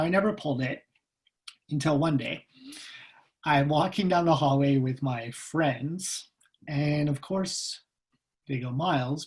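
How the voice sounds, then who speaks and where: A man giving a personal storytelling talk as a guest speaker over a video call, lively and humorous, acting out the voices in his stories. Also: fairly high pitch, low-quality recording.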